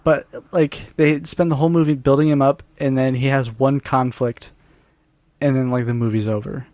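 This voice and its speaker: A man's voice: medium pitch, normal speed, no room sound. Jokey man co-hosting a podcast. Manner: jokey, laughs often, animated. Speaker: podcast co-host. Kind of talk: casual chat.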